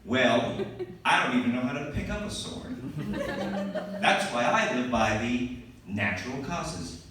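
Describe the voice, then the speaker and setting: A young man performing a stand-up comedy set on a comedy club stage, animated and shouting his punchlines in mock panic. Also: mid-range voice, a little slow. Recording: echoey club from far off, crowd laughter. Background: audience laughing and cheering.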